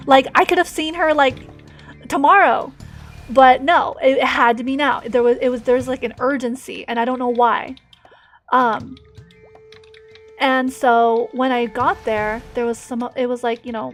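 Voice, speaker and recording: A woman streamer telling a personal story with emotional swings, many fillers and restarts, and sudden loud moments. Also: a little high.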